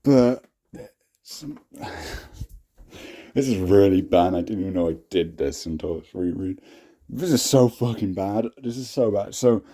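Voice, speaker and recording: A man's voice: deep voice, expressive, measured pace, dark tone, breathy edge. A young adult man hosting a casual talk, cringing at his own old writing, swearing often and laughing at himself. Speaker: host.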